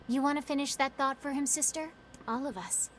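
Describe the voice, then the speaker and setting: A calm, cold-hearted game character who speaks in a measured, mocking tone. Her voice sits slightly high. A faint hiss lies under the audio. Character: calm, cold-hearted woman revealing a secret.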